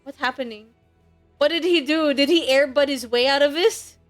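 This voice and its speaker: High-voiced excitable young woman streamer. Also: moderate pace, soft background music. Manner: excitable, laughing often, reads narration aloud. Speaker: streamer playing a dating game. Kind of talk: reading a game aloud and reacting.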